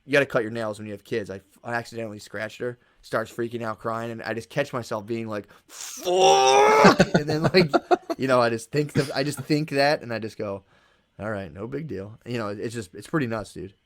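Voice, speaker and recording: Male podcast guest, rapid rambling storyteller, casual swearer. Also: mid-range voice. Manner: rapid, rambling storyteller who acts out his own thoughts; casual swearing, calls listener "dude". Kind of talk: casual conversation.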